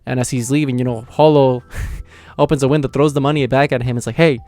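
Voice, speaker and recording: A young man talks through an episode recap in a loose, rambling way, padding his sentences with filler words and little chuckles. His voice is smooth and clean but stays fairly flat in pitch. The sound is dry and close, with no room echo. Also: fast. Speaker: anime reaction channel host. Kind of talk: casual episode recap and review.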